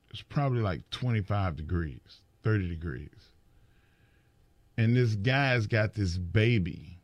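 A man's voice: on the low side, darkish tone, no room sound, muffled recording. A man in casual podcast chat, telling stories emphatically and often repeating words as he builds a point.

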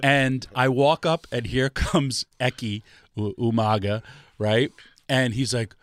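A man telling a lively story in casual chat, laughing often and quoting people in voices. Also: mid-range voice, slow pace, no room sound. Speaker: guest storyteller.

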